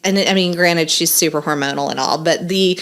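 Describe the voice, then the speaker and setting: Animated woman, lowish voice. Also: a little fast. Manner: animated storyteller, acts out quotes, swears freely. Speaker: podcast host. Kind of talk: casual podcast chat.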